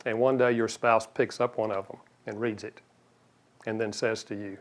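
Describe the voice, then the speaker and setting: A man's voice: fairly low pitch, little pitch movement, moderate pace. A man giving a seminar talk on marriage, folksy, with joking asides, who acts out quoted spouses.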